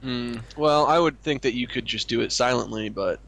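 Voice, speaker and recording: A man's voice: mid-range voice, normal speed, creaky, a bit bright. A man co-hosting a crude comedy chat, speaking in a dry, mock-prim way with lots of hesitations. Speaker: co-host.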